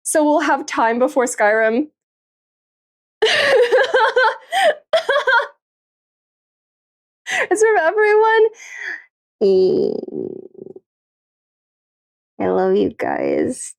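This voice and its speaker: A woman's voice: very high voice, huge pitch swings, very slow, vocal fry, long pauses. A woman livestreamer chatting casually late at night, tired and a little tipsy, giggling often and swearing freely as she rambles. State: tired and tipsy after drinking.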